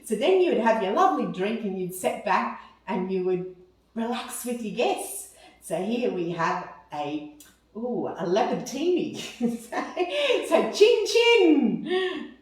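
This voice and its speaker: A cheerful Australian woman talks through a meal step by step, her pitch rising and falling a lot. She is recorded from a distance in a very echoey room. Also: very animated, unhurried. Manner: chatty, cheerful, explains step by step. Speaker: cooking video host. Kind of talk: casual food demonstration. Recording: very echoey room, mic far off.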